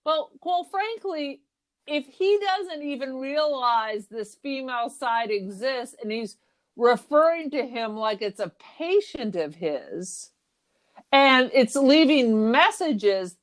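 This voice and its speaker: A woman co-hosting a casual movie podcast, with dry, sarcastic asides. Her voice sits a touch high. She talks freely and conversationally. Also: expressive, slow pace. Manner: wry, sarcastic. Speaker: podcast co-host.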